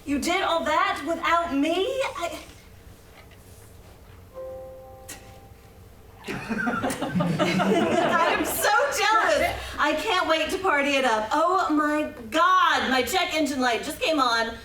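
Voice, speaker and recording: A woman's voice: sits high, slow, over a noisy crowd. An actress playing a dramatic, flustered young woman stranded on a road trip, in a staged play reading recorded from across a theatre. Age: young adult. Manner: exclaiming, flustered, stammering. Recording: roomy theatre, mic far off.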